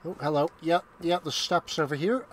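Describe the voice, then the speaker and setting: A man's voice: fairly high pitch, normal speed. A man trading jokes and swearing freely while playing a co-op game on stream. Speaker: co-op gamer on stream. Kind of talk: casual gaming banter.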